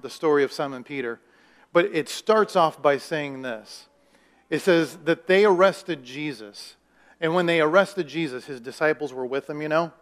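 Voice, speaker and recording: A male pastor preaching a sermon in a conversational way, raising his voice for emphasis and putting questions to the congregation. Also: a little high.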